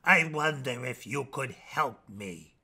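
A sly little storybook frog, played by a man talks in a sad, pathetic whine that sits lower than his usual voice. The tone is bright and sharp. He sounds pitiful on purpose. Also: expressive, takes it slowly, full character voice.

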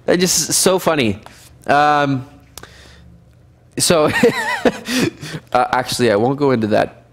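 A man teaching a casual Bible survey class as pastor, lively and animated, acting out scenes now and then. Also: slow pace, pauses often. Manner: lively, animated, acts out scenes with sudden high shouts and laughs. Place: church fellowship room.

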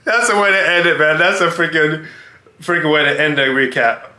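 A laid-back man hosts a reaction video, wrapping up with loose, repetitive casual talk. His voice is slightly high and bright. The recording has a roomy echo. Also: normal speed. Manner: laid-back, repeats himself with fillers and mild swearing. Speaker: reaction channel host. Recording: echoey room.

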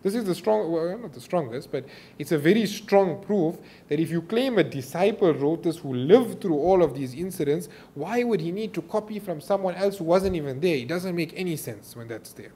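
A man's voice: on the high side, moderate pace, few pauses, husky. A South African man lecturing a class, explaining texts and acting out the quotes he reads. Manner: explanatory, quotes scripture in a lively voice. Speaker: instructor.

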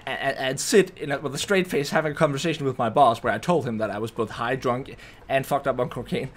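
A man's voice: mid-range voice, a little fast, a little hiss or hum. A man hosting a casual storytime vlog, rambling through a story with restarts and frequent tag questions. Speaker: YouTube host.

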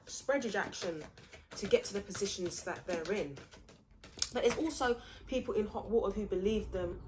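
A woman's voice: medium pitch, slight background noise. A woman giving a casual tarot reading, rambling, blunt and mocking. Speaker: tarot reader.

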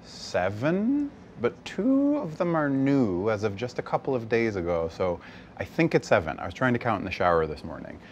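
A man from the West Coast, a stage actor, chatting as a guest in an easygoing, animated way, laughing often. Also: medium pitch, moderate pace, lo-fi sound, a little hiss or hum. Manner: animated, laughs often, slips into character voices briefly. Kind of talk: casual interview chat. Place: bar set.

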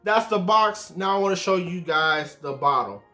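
Laid-back man with a high voice. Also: animated, normal speed, bright, forceful tone, soft background music. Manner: laid-back, repeats "man" and "y'all" often. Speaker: fragrance reviewer. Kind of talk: casual video review.

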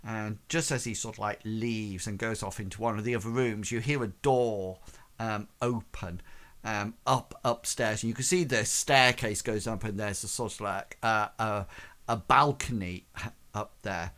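A man's voice: fairly low pitch, a little slow, fairly bright tone. A man narrating a tabletop game as game master, rambling with many fillers.

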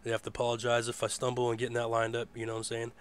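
A man hosting a casual live internet radio show. His voice is hoarse, and he rambles in a laid-back way and swears freely. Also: mid-range voice, monotone, racing. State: hoarse from a rough voice. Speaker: host.

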